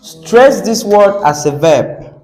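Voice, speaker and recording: A Nigerian man teaching an English class, quizzing students and repeating words slowly. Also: high voice, animated, warm tone. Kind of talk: classroom lesson. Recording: echoey classroom.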